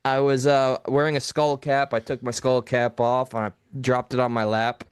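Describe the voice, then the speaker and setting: A man co-hosting a live call-in talk show, telling a story in a blunt, profane, animated way. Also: medium pitch, moderate pace, smooth, no echo. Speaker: podcast co-host.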